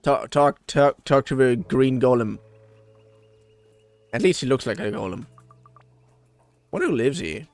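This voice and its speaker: A man's voice: mid-range voice, expressive, a little slow, pauses often, darkish tone, no room sound, soft background music. A man streaming a game with chatty, playful, scattered commentary.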